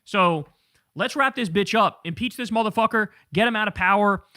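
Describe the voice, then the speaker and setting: A man's voice: sits high, moderate pace, pushed and bright, dry recording, studio quality. A man hosting political commentary, talking casually in a blunt, profane and incredulous way.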